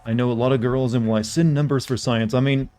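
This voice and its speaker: A man's voice: medium pitch, fairly even intonation, fairly quick, warm tone, faint music behind. A man with a Southern US accent, casually rambling and joking with viewers while playing a game. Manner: rambling, jokey, chatting with viewers. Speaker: streamer. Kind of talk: casual gameplay commentary.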